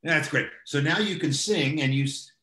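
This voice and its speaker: An older man hosting an interview, asking slow, unhurried questions with pauses. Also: on the high side, pushed and bright. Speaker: interview host. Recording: echoey room.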